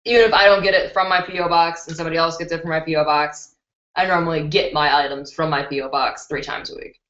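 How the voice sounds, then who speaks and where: A woman's voice: low voice, quick pace. Bubbly woman on a roomy webcam stream. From Chicago. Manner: bubbly, excitable, reads out viewer comments. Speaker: beauty YouTuber hosting a live stream. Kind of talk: live stream chat reading comments. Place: indoors at her computer. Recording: roomy, dull lo-fi webcam sound.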